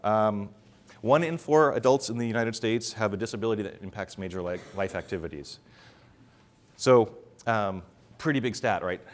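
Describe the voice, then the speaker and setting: Casting: middle-aged male conference speaker, lowish voice, rapid delivery full of ums. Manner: fast-talking, many fillers. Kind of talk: conference talk. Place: conference room with audience.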